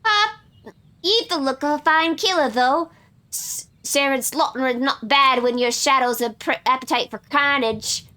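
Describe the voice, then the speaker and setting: A woman's voice: high-pitched, measured pace, bright, forceful tone, pitched above the performer's own voice. A woman voicing a crude, foul-mouthed female pirate captain, reading game dialogue in coarse old-timey pirate slang and stumbling over words. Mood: gruff. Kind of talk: reading game quest dialogue aloud in character.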